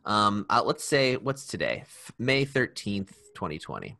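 A man's voice: on the low side, very animated, unhurried, gravelly, pushed and bright. A man hosting a podcast in casual, playful chat with his co-hosts. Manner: playful, leads the banter. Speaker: podcast host. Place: recording studio.

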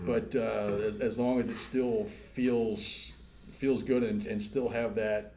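A man, a rock musician guest, talking in a rambling, animated way with many restarts and casual swearing. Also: fairly low pitch, slow pace, slight background noise. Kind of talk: casual interview chat.

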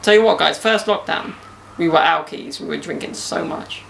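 Gravelly young man, joking. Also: on the high side, normal speed, a bit bright, slight background noise. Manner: joking banter with slang. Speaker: podcast host. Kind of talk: casual podcast chat. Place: outdoors in a garden.

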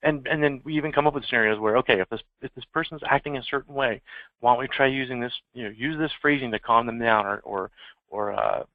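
A man's voice: mid-range voice, fast talker, dry recording. A man giving a conversational security training talk, telling anecdotes in an informal way. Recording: tinny phone-like dry sound.

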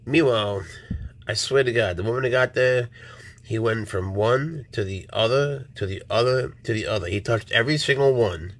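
A man's voice: mid-range voice, normal speed, a bit bright. A man who keeps exotic pets, chatting casually to his animals and coaxing them, with muttered swearing asides. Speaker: exotic pet keeper.

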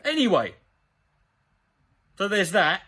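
A man delivers a profane, sarcastic comedy rant. His voice sits high and swings widely up and down. He keeps an animated, mocking edge throughout. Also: takes it slowly, husky. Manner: sweary, sarcastic, animated ranting. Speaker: comedy commentator. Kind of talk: ranting comedic commentary on a news story.

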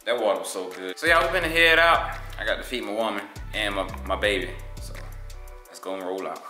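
A man's voice: lowish voice, fairly quick, pushed and bright, roomy sound, faint music behind. A young man co-hosting a casual couple's vlog, teasing and joking in slangy talk. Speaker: vlog co-host.

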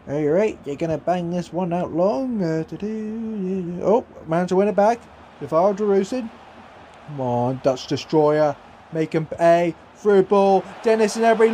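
Excitable high-voiced young man commentating a game. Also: normal speed, slight background noise. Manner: excitable, swings from gloom to yelling at goals. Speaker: gaming YouTuber.

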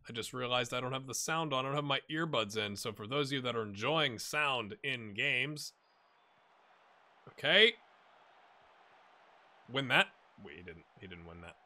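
A man hosting a let's-play video, giving casual and excitable commentary as he plays and talking straight to the viewers and the players on screen. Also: medium pitch, normal speed, long pauses. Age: adult. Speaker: gaming channel host.

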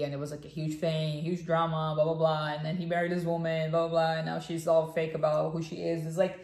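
A chatty woman co-hosting a casual podcast, talking on with plenty of fillers and restarts. Her voice sits a little low for a woman. She is heard in a roomy, echoey space. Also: gravelly. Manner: chatty, animated, many fillers. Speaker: podcast co-host. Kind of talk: casual chat. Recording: echoey room.

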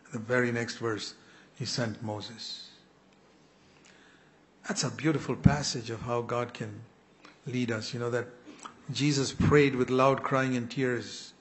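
An older man preaching a sermon in an earnest, pleading way, often clearing his throat. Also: mid-range voice, slight background noise. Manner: earnest, pleading, with quoted prayers.

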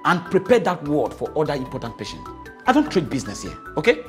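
An actor with a Nigerian accent playing a callous hospital doctor giving curt orders to a nurse. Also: male voice, fairly high pitch, huge pitch swings, quick pace, faint music behind. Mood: commanding. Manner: curt, commanding. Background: film score.

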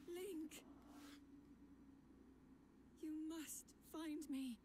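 An actress voicing a soft-spoken, resolute young princess in a game trailer. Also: female voice, high-pitched, drawn-out words, slight background noise. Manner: soft, hushed delivery.

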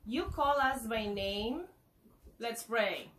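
A woman's voice: fairly high pitch, animated, takes it slowly, a bit bright. A woman leading a children's liturgy, asking questions and guiding the group through prayers and responses. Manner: asks questions and prompts responses.

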